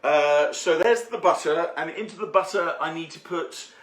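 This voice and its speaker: A man's voice: a little high, normal speed, a bit bright. A man giving a rambling, jokey cooking demonstration in his home kitchen, with lots of fillers. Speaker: home baker. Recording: echoey room.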